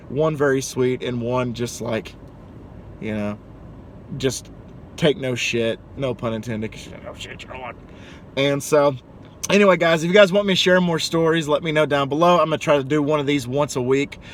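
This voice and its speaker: A young man, a pizza delivery driver, telling funny work stories in an animated, chatty way, casually cussing. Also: on the high side, a little hiss or hum. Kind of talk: casual storytelling to camera.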